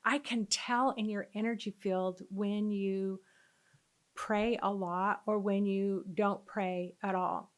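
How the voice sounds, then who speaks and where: A woman's voice: mid-range voice, steady tone, slow. A middle-aged woman, a spiritual teacher, telling a personal story in an earnest, conversational way with frequent fillers.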